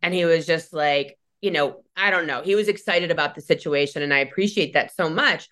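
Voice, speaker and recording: A woman hosting a podcast, telling a story in casual chat with lively, animated delivery and frequent laughter. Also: low-pitched, a little fast. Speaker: podcast host.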